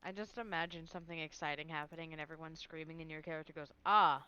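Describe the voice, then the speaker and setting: A woman player chatting candidly before a tabletop session, quick to laugh. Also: low-pitched, steady tone, a bit bright, a little hiss or hum. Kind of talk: casual chat. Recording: dull lo-fi mic.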